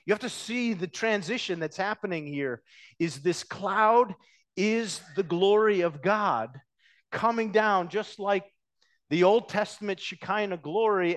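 Male pastor, fairly high voice; dynamic sermon delivery, builds loud then drops to a hush. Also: lively intonation, slow. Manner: dynamic preaching, rising loud then dropping to hushed.

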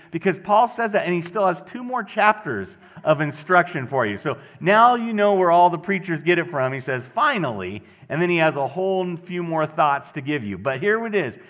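A middle-aged male pastor delivering a casual, conversational sermon after a quiet opening prayer. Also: sits high, lively intonation, normal speed, few pauses.

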